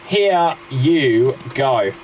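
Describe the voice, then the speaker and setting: A man hosting an improv game show, brisk and announcing. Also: mid-range voice, lively intonation, slight background noise. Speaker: show host.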